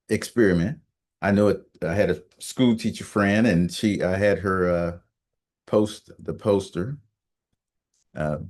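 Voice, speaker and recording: A man talking on the radio in a casual monologue, halting with many fillers and restarts. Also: lowish voice, a little mellow. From United States. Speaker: radio talk host.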